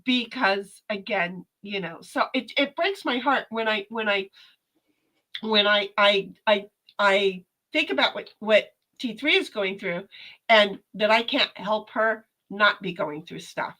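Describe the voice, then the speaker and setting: A woman's voice: mid-range voice, unhurried, pushed and bright, rough recording. A woman hosting a casual livestream from home, talking earnestly to her chat and reading out their comments, often repeating words as she gathers her thoughts, and swearing now and then. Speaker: livestream host.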